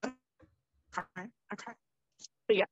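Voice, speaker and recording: A woman's voice: takes it slowly, low-quality recording. A young woman, a podcast guest, chatting casually and animatedly, with lots of "like" and free swearing. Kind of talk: casual chat.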